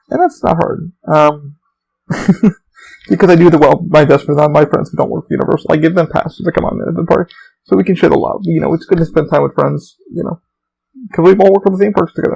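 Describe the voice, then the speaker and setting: A man's voice: a little high, creaky, husky, low-quality recording. A man hosting a podcast, telling rambling, profane stories about theme park work and acting out the people in them. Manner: profane, animated storytelling with voiced quotes. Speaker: podcast host. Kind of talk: rambling casual monologue.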